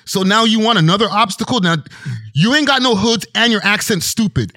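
Guy on a podcast, high voice, gets loud and emphatic, dry mic. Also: a little fast, no echo. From Toronto, Canada. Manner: emphatic, animated, slangy storytelling. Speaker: podcast guest. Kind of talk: casual podcast conversation.

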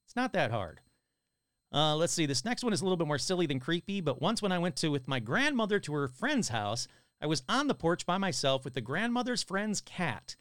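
A man's voice: a little high, brisk, smooth, no echo, clean studio sound. A man hosting a live stream, reading listener stories aloud and cracking jokes between them. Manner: animated, joking asides between stories.

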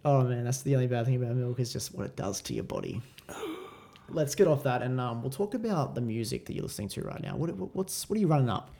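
A young man hosting a casual chat podcast, quick and laughing often. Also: medium pitch, big pitch swings, creaky, dark tone. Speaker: podcast host.

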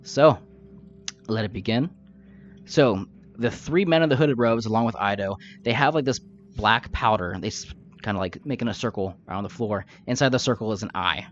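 A man's voice: on the low side, fairly quick, slight background noise. A man narrating a tabletop game backstory as game master in a loose, casual storytelling manner. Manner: casual storytelling with fillers, laughs at own jokes. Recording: dull lo-fi audio with faint music.

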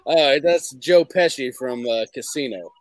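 A man's voice: mid-range voice, normal speed, dry recording. A man with a mid-range voice chats as a guest on a comedy podcast. He rambles loosely and fills his sentences with "like," recorded dry and close. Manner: rambling, heavy use of "like". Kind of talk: casual comedic chat.

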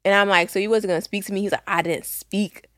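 A young woman with a Philadelphia accent, co-hosting a podcast in blunt, laughing, animated casual chat. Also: medium pitch, racing, no echo, clean studio sound. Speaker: podcast co-host.

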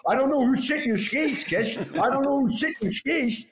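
A man doing an impression of a male hockey trainer with an odd, squawky voice, whining in a raised pitch. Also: lively intonation, moderate pace, slight background noise. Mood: indignant. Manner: mock-whiny impression.

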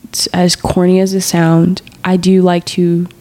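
A woman speaks in a low, earnest voice, sharing a reflective personal monologue as a podcast host. Her delivery is heartfelt and unhurried, and at times she sinks into a soft whisper. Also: completely flat delivery.

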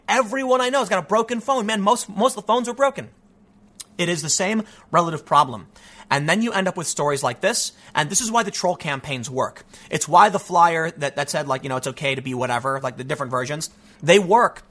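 A man hosting an online show, giving emphatic, opinionated solo commentary. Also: a little high. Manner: emphatic, animated, acts out quoted voices.

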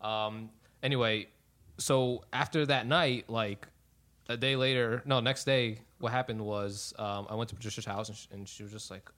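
A man's voice: fairly low pitch, steady tone, moderate pace, fairly bright tone. A young man telling a long personal story in casual chat, rambling and correcting himself with lots of fillers.

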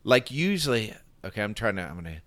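A man in a casual Bible discussion, animated and quick to laugh, often acting out little quotes. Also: on the low side, no echo.

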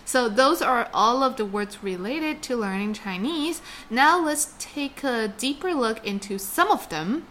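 Slow, patient woman teaching Chinese. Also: on the high side, expressive, fairly bright tone, slight background noise. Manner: patient, explains slowly, laughs easily. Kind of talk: bilingual language lesson.

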